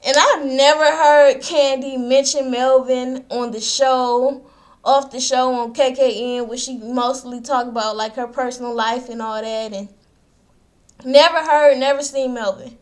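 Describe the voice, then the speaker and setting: A woman's voice: sits high, fairly even intonation, a little slow. A woman vlogger giving a casual, gossipy recap, chatting straight to her viewers with asides. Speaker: vlogger recapping a reality show.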